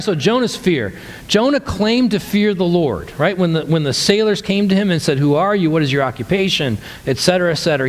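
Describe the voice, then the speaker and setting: Animated pastor preaching in a reverberant hall. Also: male voice, a little high. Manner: conversational, animated storytelling with many restarts. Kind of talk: sermon.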